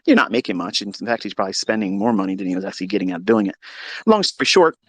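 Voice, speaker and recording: A man hosting a live audio chat, telling a long story in a profane, mocking, animated way. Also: fairly low pitch, racing, husky, no room sound. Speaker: Twitter Space host. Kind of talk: casual storytelling rant. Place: lives in Maryland.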